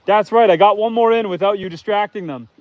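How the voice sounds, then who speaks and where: High-voiced chatty homestead host. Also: male voice, fairly quick, lo-fi sound. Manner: chatty, talks to his animals and to viewers. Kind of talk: casual live-stream chat. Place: outdoors on a farm among animals.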